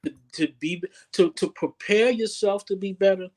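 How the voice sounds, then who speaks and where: He has a high, slightly mellow voice and speaks at a normal rate. In a casual interview where he's the guest, this relationship coach sounds earnest and often repeats words mid-thought.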